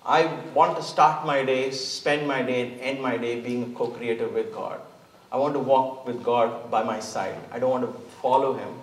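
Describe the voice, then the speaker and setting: A man's voice: mid-range voice, fairly even intonation, moderate pace. A man giving an earnest, emphatic inspirational talk from a church stage, often repeating words. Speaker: guest speaker. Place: church hall. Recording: echoey hall, mic at a distance.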